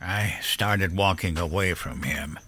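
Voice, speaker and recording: A man playing a gruff, profane old veteran. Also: low voice, takes it slowly, pushed and bright, slight background noise, exaggerated voice. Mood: grim recollection. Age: older. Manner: profane, blunt storytelling. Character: gruff older man, war veteran father. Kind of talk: audio drama storytelling.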